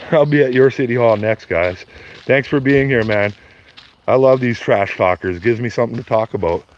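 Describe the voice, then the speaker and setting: A man rants into his phone outdoors, heated and profane, circling back to the same points again and again. His middle-pitched voice comes through a slightly dull, lo-fi stream. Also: moderate pace, slight background noise. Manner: heated, profane, repetitive ranting. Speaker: vlogger streaming to viewers. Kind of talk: ranting live stream.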